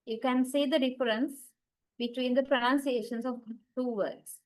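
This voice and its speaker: A woman's voice: a little high, moderate pace, poor audio. A woman lecturer with a Sri Lankan English accent, giving a recorded linguistics lecture and often checking in with "okay" and "right". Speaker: university lecturer.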